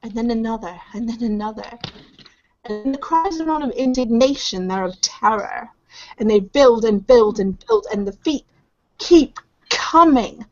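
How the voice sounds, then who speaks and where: A woman runs a tabletop game, narrating scenes in vivid detail and humming sound effects. Her voice sits slightly high. The recording is dull and lo-fi. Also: moderate pace, darkish tone. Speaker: game master.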